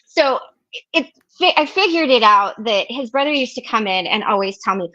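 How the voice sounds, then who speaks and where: A chatty middle-aged woman tells a long personal story on a video call, her voice bright and a little high. She slips in and out of quoted voices, full of fillers and restarts. The audio is dull and lo-fi. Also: expressive, moderate pace. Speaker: recovery meeting host. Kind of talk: casual storytelling.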